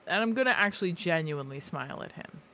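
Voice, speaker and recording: Deliberate tabletop player, slightly high voice. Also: male voice, expressive, sharp tone. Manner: slow, deliberate in character. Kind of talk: tabletop role-play.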